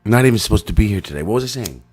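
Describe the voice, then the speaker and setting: A man co-hosting a podcast, telling crude, rambling stories in a deadpan way. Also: on the low side, rapid-fire, breathy edge, faint music behind. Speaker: podcast co-host. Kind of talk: crude comedic banter.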